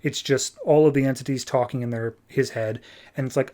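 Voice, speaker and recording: Man, podcast host, casual comic recap, mid pitch, breezy. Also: steady tone, warm tone. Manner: breezy retelling, slips into quick character voices.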